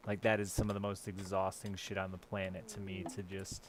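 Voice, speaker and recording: A man live streaming a game, chatting casually with a sardonic, self-deprecating manner and a gravelly voice. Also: deep voice, flat delivery, a little fast, background noise. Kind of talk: casual chat while playing a game on stream. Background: game music.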